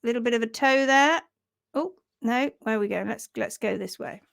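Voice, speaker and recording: Woman, high voice, chatty and giggly host, casual live-stream chat, dry close sound. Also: normal speed, creaky, fairly bright tone, no room sound. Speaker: host of a horse care live show.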